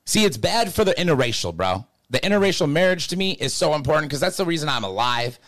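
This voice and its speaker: A man's voice: fairly high pitch, big pitch swings, fast talker, a bit bright. A young man talking loosely and jokingly on a casual podcast, full of slang. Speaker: podcast co-host.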